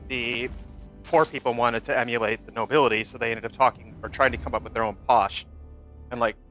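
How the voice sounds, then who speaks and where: A bright, forceful male voice, holding forth confidently like he's giving a small lecture between rounds. The sound is dull and lo-fi, with faint music playing underneath. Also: medium pitch, fairly even intonation, a little fast. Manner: explains at length, confident lecturing tone. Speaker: gamer chatting with friends. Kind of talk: casual chat. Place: home gaming setup, voice chat.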